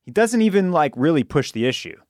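A man co-hosting a podcast in casual chat, agreeable and halting, often restarting his words. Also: a little high, very animated, a little mellow, no room sound, clean studio sound. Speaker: podcast co-host.

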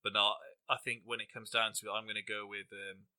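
A man's voice: fairly low pitch, level tone, a little fast, sharp tone. A young English man hosting a podcast, rambling through funny anecdotes and fight picks with a casual, laughing delivery. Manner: rambling anecdotal storyteller, laughs while talking. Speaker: podcast host. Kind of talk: casual chat and fight predictions.

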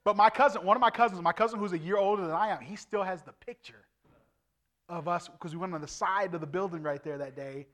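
A man in his forties preaches his own testimony as an evangelist at a church service. His voice sits a little higher than most men's. He tells the story earnestly, slipping into the voices of the people in it. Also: quick pace, a bit bright. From Indiana, USA. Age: 40s. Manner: earnest storytelling, acts out dialogue.

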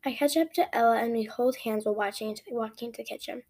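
Woman with a pretty high voice reading her story out loud, lots of little restarts. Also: quick pace. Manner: expressive, with frequent restarts. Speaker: podcast host reading a story.

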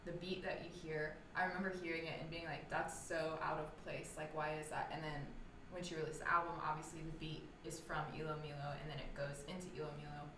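A woman's voice: low voice, flat delivery, quick pace. A young woman in casual chat who shares opinions with enthusiasm and meanders as she goes. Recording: distant mic in an echoey room with clear noise.

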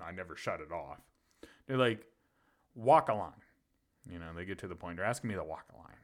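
A man's voice: on the low side, fairly bright tone. A man co-hosting a podcast, telling a story in a casual, profane way and laughing often. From Pennsylvania. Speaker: podcast co-host.

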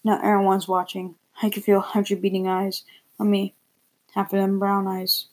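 A woman reading a first-person story aloud, plainly and a little haltingly, with repeated words. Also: mid-range voice, completely flat delivery, darkish tone, poor audio.

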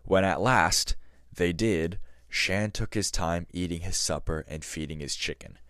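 A man with a very deep voice reads a story aloud as a podcast host. He narrates in a measured, scripted way. The sound is dry and close. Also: steady tone, fairly bright tone, smooth, no room sound.

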